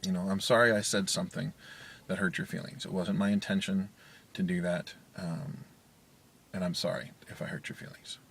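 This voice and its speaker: A man with a low, slightly husky voice talks to camera from his parked car, thinking out loud about being a parent. He rambles candidly, with frequent restarts and fillers. The sound is a small built-in mic in a closed car. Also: steady tone, normal speed. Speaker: vlogger, parent. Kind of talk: casual talk to camera. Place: parked car in a parking garage. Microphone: handheld media player's built-in mic.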